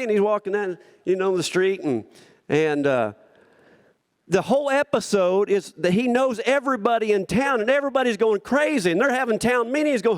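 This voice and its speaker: A man's voice: sits high, fairly quick. A man giving a heartfelt, rambling acceptance speech at a rodeo hall of fame banquet, telling stories and acting out quotes.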